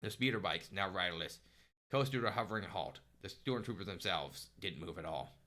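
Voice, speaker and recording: A man narrating a story aloud on a live stream, steady with small restarts. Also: low voice, normal speed.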